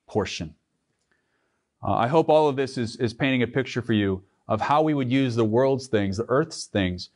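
Male pastor preaching in church, earnest, mid-pitched voice, stops and restarts phrases. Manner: earnest preaching with restarts, reads scripture aloud. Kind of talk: sermon.

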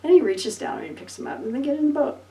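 A woman pastor preaching a sermon, telling Bible stories with lively acted-out voices and laughter. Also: high-pitched, very fast, gravelly, roomy sound, recorded from a distance, low-quality recording. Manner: animated storytelling, acting out voices and laughing.

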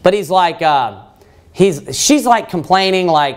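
A man preacher giving a verse-by-verse sermon, animated and conversational, often restarting his sentences. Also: high-pitched, unhurried. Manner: animated, with frequent restarts and rising emphasis.

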